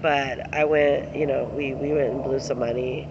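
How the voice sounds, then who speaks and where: A woman's voice: a bass voice, steady tone, normal speed, muffled recording, noisy background. A middle-aged woman vlogging, telling rambling personal stories in a casual way, laughing often and swearing freely. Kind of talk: casual storytelling to camera.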